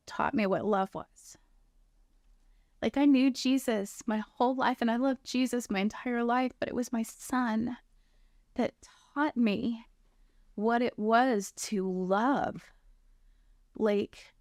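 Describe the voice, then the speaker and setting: A woman in her thirties with a medium-pitched voice tells her personal testimony with earnest feeling, acting out what others said to her. The studio sound is clean, without echo.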